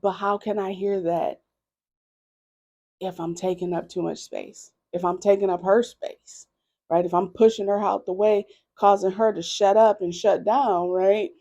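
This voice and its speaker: A woman tarot reader speaking slowly and candidly in a reflective personal monologue, often checking in with "right?". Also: medium pitch, fairly even intonation, warm tone. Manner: slow, candid, conversational with frequent "right?".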